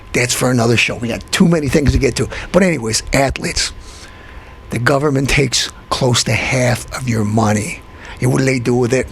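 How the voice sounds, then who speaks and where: A man hosting a show, delivering a comic rant that keeps repeating itself and jumps into high, excited outbursts. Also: vocal fry, breathy edge. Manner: ranting, repetitive, swings into high excited outbursts. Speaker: show host.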